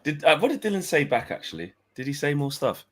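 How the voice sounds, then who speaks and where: A man's voice: fairly high pitch, big pitch swings, quick pace, a bit bright. A man co-hosting a casual fan podcast, bantering and reading messages aloud.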